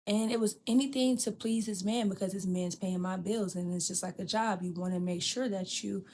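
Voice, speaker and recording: A woman's voice: mid-range voice, normal speed, a little hiss or hum. Frank, profane woman telling a story. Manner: frank and profane, addresses listener as "girl" and "bitch"; animated, acts out quoted people. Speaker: podcast host. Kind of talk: candid storytelling chat.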